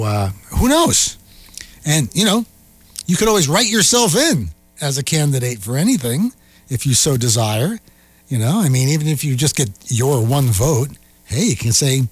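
A man hosting a radio show, talking in a casual, animated and sarcastic way. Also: medium pitch, no room sound. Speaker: radio host. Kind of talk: casual on-air commentary. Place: radio studio.

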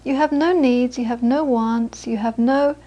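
A woman gives a relaxed Buddhist teaching in a high, light voice. She tells her stories in a chatty way, often restarting and repeating words. She sounds middle-aged. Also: a little slow, highs cut off. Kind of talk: informal dharma talk with anecdotes.

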